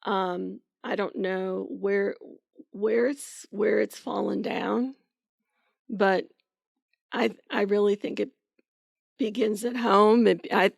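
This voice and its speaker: Gravelly-voiced woman co-host. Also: medium pitch, fairly even intonation, slow pace, pauses often, no room sound, studio quality. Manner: opinionated, firm about manners. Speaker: podcast co-host. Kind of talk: casual chat.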